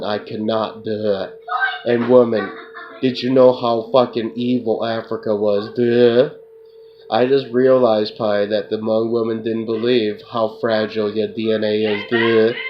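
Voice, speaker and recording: Flat-voiced man in a rambling rant. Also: lowish voice. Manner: repetitive, profane, tacks on "duh"; addresses an unseen listener. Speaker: self-described remote viewer. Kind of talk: rambling monologue. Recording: muffled lo-fi with loud hiss.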